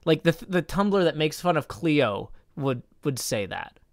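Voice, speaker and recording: Slow, deliberate male streamer. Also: a little high, very animated, creaky. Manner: slow, deliberate, stress-focused reading with hesitant fillers. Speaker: live streamer. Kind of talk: casual live-stream chat and poetry reading.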